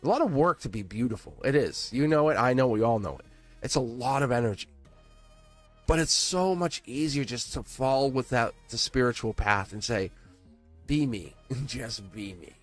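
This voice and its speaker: A man giving a live tarot reading in a chatty, animated way, often laughing and dropping to a low murmur. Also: normal speed, faint music behind. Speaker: tarot reader.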